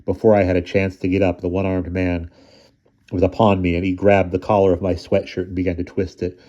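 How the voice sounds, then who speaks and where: Deep mellow guy reading a kids book, dull lo-fi sound. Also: fairly quick. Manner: acts out the boys' dialogue in raised, excited voices. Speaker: audiobook reader. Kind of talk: storybook narration. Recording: dull lo-fi recording.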